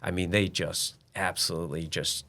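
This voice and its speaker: A man's voice: low-pitched, steady tone, moderate pace, bright, forceful tone. A middle-aged man, a business owner guest, talking bluntly and emphatically in a casual interview, now and then swearing.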